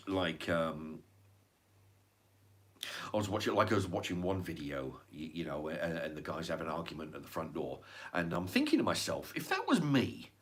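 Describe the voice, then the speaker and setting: A middle-aged Englishman who hosts a channel rants in a rambling, casual monologue, swearing a lot and constantly restarting his sentences with plenty of fillers. His low voice swings widely in pitch at a moderate pace, broken by long pauses.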